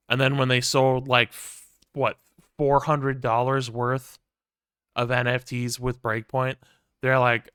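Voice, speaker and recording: Bright-voiced ranting male streamer. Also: medium pitch, level tone, measured pace, smooth, no room sound, studio quality. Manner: ranting, profane, wry. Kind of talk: casual gameplay commentary.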